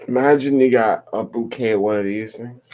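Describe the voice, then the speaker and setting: A man's voice: mid-range voice, brisk, a little mellow, slight background noise, low-quality recording. A man rambling in a solo vlog, mumbling to himself in an affectionate, self-mocking way. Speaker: vlogger.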